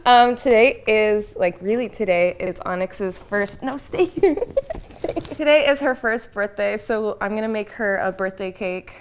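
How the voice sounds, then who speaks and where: A woman's voice: mid-range voice, measured pace, background noise. A young woman in casual vlog chat, talking through a baking recipe in her home kitchen and chatting to her dog along the way. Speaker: vlogger.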